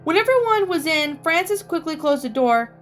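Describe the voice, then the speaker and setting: A woman reading her own fan fiction story aloud, haltingly, with restarts. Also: very high voice, sing-song. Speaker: story reader. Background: faint music.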